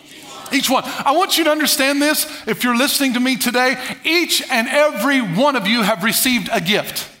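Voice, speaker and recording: High, bright-voiced preaching man. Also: brisk. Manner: preaches with call-and-response to the congregation; swings from loud bursts to low muttered asides. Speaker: pastor. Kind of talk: sermon.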